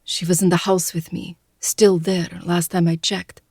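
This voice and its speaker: A man's voice: high-pitched, flat delivery, measured pace, darkish tone, slightly rough, no echo, studio quality, voice pushed up, full character voice. A man voicing a guarded young Russian woman with a heavy Russian accent, speaking bluntly in an audiobook reading. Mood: steady.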